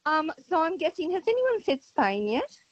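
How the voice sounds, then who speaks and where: A woman's voice: extremely high pitch, very animated, moderate pace, no echo. An Australian woman calling in to a radio quiz, chatty and rambling. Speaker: radio caller. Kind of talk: casual phone chat. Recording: muffled phone line.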